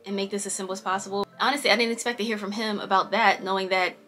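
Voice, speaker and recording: A woman's voice: mid-range voice, steady tone, rapid-fire, fairly bright tone, soft background music. A woman vlogger telling a personal story in casual chat, talking freely, laughing often and acting out what people said. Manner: chatty, laughs often, voices quoted people.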